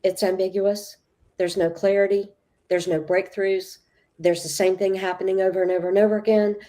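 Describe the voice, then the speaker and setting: Emphatic female spiritual teacher with a mellow tone who spins stories. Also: medium pitch, level tone, normal speed. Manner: emphatic, acts out quoted dialogue. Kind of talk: animated storytelling talk.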